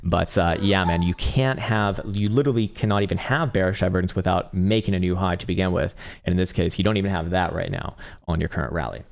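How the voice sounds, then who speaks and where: A man's voice: deep voice, fast, creaky. A young man hosting a crypto trading livestream, reading chat and reacting in a rambling, profane way, laughing often and hunting for words. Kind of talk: casual livestream chart talk and chat replies.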